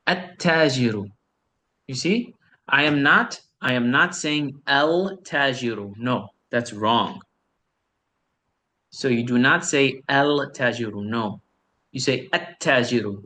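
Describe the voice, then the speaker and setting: Over a video call, a man teaches beginner Arabic, patiently saying each word again and describing how the sounds work. He speaks at a medium pitch with a bright, forceful tone.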